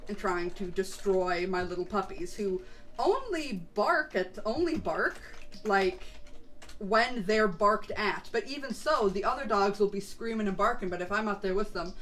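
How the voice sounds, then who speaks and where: A woman's voice: mid-range voice, a bit bright, a little hiss or hum. A woman streamer chatting casually while she plays a game, rambling a little and laughing often. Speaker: VTuber streamer. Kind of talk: casual chat while gaming.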